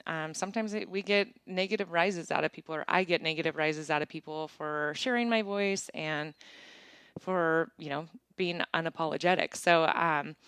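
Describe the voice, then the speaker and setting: A woman who founded an apparel business, chatting casually in an interview and telling stories with lively acted-out quotes. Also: fairly low pitch, smooth, dry recording. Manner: chatty, animated storytelling with bright acted-out quotes. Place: small town in Montana.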